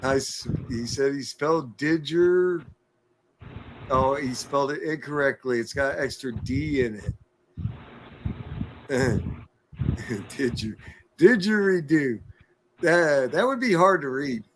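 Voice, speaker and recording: Man, livestream host, slow jokey delivery, faint noise behind. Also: mid-range voice. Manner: jokey, laughs often, plays with words. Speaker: livestream host reading viewer comments. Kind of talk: casual chat.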